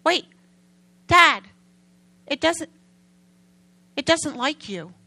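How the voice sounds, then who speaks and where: A woman preacher voicing a frightened teenage girl who pleads with her father in a high, desperate voice. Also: animated, drawn-out words, pushed and bright, no echo, full character voice. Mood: alarmed.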